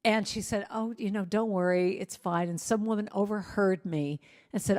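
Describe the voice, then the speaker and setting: A middle-aged woman speaker tells a personal story with candid, self-mocking humor. Her voice sits at an ordinary pitch and drops soft and quiet for gentle words. A long reverb trails her in a large hall. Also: normal speed. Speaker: reverend and singer-songwriter.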